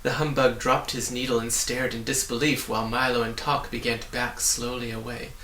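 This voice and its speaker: Bright-voiced man reading a storybook aloud. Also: medium pitch, level tone, a little fast, a little hiss or hum. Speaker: reader. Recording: echoey room.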